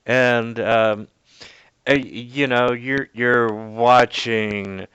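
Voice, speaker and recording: A man's voice: mid-range voice, fairly even intonation, very slow, a bit bright, clear, resonant tone, no echo, lo-fi sound. A man narrating as game master in a tabletop game over a voice call, stopping often with fillers and restarts. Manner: hesitant, many fillers and restarts, laughs often.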